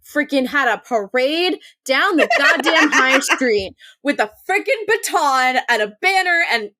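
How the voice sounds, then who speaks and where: A woman co-hosting a podcast in casual chat, heavy on fillers and quick agreeing murmurs, swearing now and then. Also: high-pitched, sing-song, sharp tone. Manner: lots of filler words and affirming murmurs, occasional swearing. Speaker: podcast co-host. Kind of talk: casual chat recapping a TV episode.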